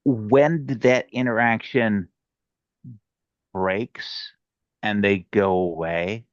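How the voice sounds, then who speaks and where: Slow, low-voiced player on a dull mic. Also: male voice, steady tone, dry recording. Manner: hesitant, repeats words. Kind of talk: tabletop game play.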